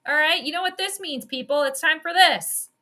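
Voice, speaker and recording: A woman giving casual, excitable live play-by-play at home. She chats, swears freely and laughs often. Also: high voice, normal speed. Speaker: sports commentator and astrologer. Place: at home in the evening.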